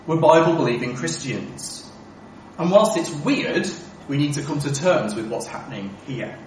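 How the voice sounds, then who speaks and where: A man delivers a sermon in an echoey church, recorded from some distance away. His pitch rises and falls a lot as he drives home each point with rhetorical questions. The voice sits a little higher than most men's, with faint room noise behind. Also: lively intonation, normal speed, darkish tone. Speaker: preacher.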